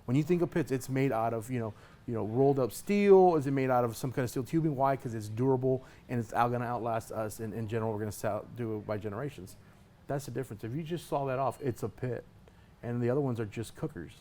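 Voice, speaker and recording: In a casual interview, a competitive pitmaster talks fast with an emphatic, hyped-up delivery, repeating words. His voice is mid-range with a dark tone.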